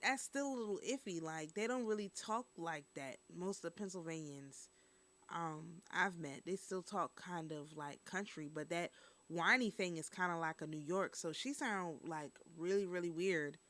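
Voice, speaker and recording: A woman's voice: on the low side, moderate pace, fairly bright tone. A woman hosting a casual news and review stream, chatting straight to her viewers.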